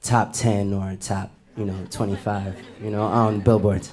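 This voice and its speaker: A man's voice: on the low side, flat delivery, unhurried, darkish tone. A man who plays as a subway street musician, chatting easily in a live studio interview and sprinkling in 'you know'. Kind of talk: casual interview chat. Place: live studio event with an audience.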